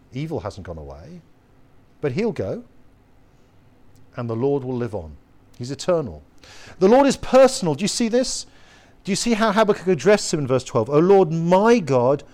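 A man preaching a sermon in an earnest, emphatic way, asking his listeners rhetorical questions and slowing down to read scripture. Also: a little high, a little mellow. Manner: slows down to read scripture quotes.

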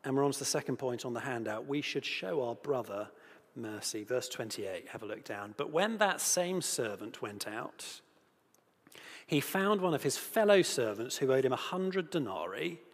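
A man's voice: medium pitch, moderate pace. A man preaching a sermon and reading scripture, earnest and given to rhetorical questions. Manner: earnest, asks rhetorical questions, grows animated at moments. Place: church. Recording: long reverb of a large hall.

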